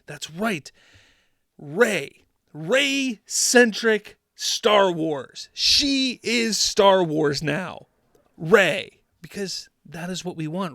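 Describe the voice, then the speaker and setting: A man with a high voice hosts a commentary show, sarcastic and emphatic as he mocks and hammers his points. The sound is dry and close, with no room around him. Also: a bit bright, no room sound. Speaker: host. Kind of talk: opinionated commentary.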